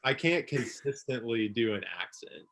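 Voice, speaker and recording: A young man chatting casually as a guest, relaxed, with many fillers and easy laughs. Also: medium pitch, normal speed. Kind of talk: casual chat on a livestream.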